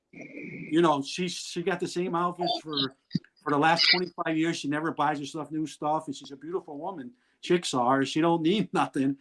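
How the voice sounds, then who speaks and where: A man's voice: a little high, fairly bright tone, rough recording. A middle-aged man, a guest on a video-call interview, telling rambling, blunt stories and laughing through them. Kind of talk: candid storytelling in an interview.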